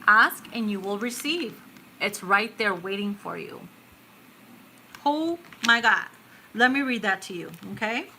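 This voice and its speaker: Excitable, bright-voiced woman tarot reader. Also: medium pitch, measured pace, a little hiss or hum, rough recording. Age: 30s. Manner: excitable, swears freely, laughs often; affectionate, calls viewers boo and babe. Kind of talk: live tarot reading, casual chat.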